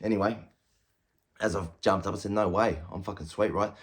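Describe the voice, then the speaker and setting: Blunt low-voiced Australian man. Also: steady tone, brisk. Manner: blunt, heavy swearing, quotes himself and others in raised voices. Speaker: former prisoner telling his story. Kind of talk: casual storytelling.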